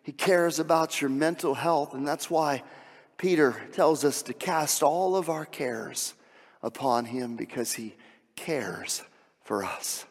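A man preaching a sermon as pastor, moving between soft, hushed passages and loud, shouted emphasis. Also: on the high side, takes it slowly. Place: church sanctuary. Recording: long hall reverb.

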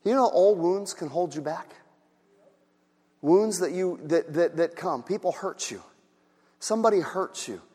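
A man preaching a sermon as pastor. He moves between quiet, soft talk and loud, shouted passages, and acts out the voices in his stories. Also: high voice, expressive, measured pace, long pauses, breathy edge, big-room sound.

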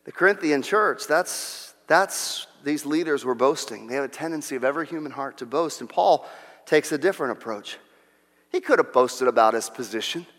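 A man's voice: a little high, animated, normal speed. A man preaching a sermon with a dramatic delivery, his voice climbing and swelling as he voices the boasts of the proud. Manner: dramatic, rising to near-shouting when voicing boasts. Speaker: pastor. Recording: long hall reverb.

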